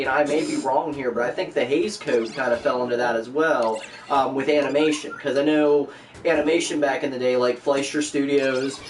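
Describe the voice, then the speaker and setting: With a mid-range voice, a podcast host keeps things chatty and makes jokes at his own expense. The room is echoey and the mic is distant, so background noise comes through.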